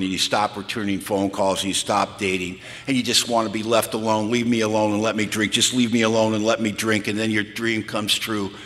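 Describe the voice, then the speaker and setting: A man from California telling his recovery story at a retreat, candid and wry, sinking low and quiet, then rising to pleading intensity. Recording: long hall reverb.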